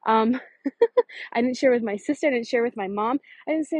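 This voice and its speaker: Woman business coach, higher husky voice, dry close sound; blunt, profane, punchy. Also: no room sound, lo-fi sound. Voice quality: swears freely, emphatic. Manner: fast, punchy delivery with sudden stresses. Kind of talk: casual motivational monologue.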